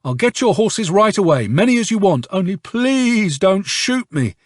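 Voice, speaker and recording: A man reading an audiobook, voicing a frightened old peasant who whines and pleads in a high, strained voice. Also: sing-song, normal speed, slightly rough, dry recording, studio quality, heavily acted. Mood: pleading. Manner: whining, pleading. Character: frightened old male peasant, sly then groveling.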